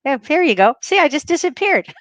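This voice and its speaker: A woman's voice: sits high, very animated, brisk, fairly bright tone, dry recording. A woman hosting a casual livestream as a spiritual medium from home. She talks in a bubbly, effusive way and laughs often.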